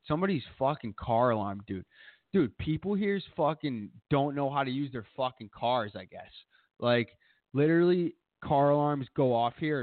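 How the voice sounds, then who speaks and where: A man's voice: mid-range voice, no room sound. Profane rambling man on a tinny line. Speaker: podcast co-host. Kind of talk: casual chat. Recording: tinny phone-like sound.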